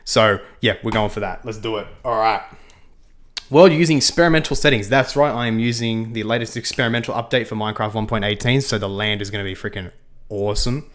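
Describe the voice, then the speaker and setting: Livestreaming a game, this young man talks a little fast in a lowish voice. It's loose, casual gaming chat from the host, full of rambling, repetition, and frequent laughter.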